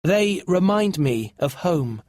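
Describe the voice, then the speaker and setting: A man's voice: high-pitched, sing-song, takes it slowly, darkish tone, no echo, clean studio sound, pitched above the performer's own voice, heavily acted. A man voicing an earnest, anxious young boy in a storybook reading, urgent in tone.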